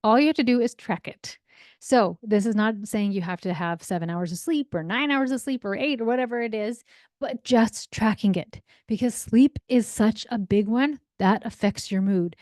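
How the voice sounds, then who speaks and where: A woman's voice: fairly high pitch, normal speed, a little mellow, no room sound, clean studio sound. A woman in her forties, a parenting coach giving a solo podcast talk in a chatty, upbeat way, often tagging her points with "right?" and acting out quoted voices in her stories. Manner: acts out quoted voices in anecdotes.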